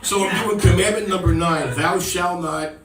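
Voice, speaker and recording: A middle-aged man tells rambling stand-up stories, now and then slipping into kids' voices. His voice sits a little high and comes from a distance off the mic. The room is echoey, and a crowd laughs loudly behind him. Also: moderate pace, background noise. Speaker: stand-up comedian. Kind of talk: stand-up routine. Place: comedy club stage with audience.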